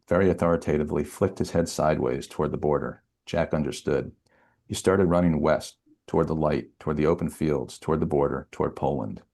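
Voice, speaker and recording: A male novelist reads his own thriller aloud in a steady, measured way. His voice sits extremely low, with a gravelly creak and a husky, rough edge.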